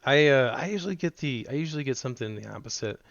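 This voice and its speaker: A man co-hosting a podcast in casual chat, an animated storyteller who acts out the people he quotes. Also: mid-range voice, fast talker, vocal fry. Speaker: podcast co-host. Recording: dull, lo-fi podcast mic.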